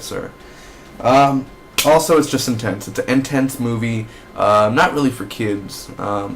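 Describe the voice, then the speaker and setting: A man's voice: lowish voice, fairly bright tone, slight background noise. A young man giving a casual, rambling movie review, enthusiastic and swearing freely. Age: young adult.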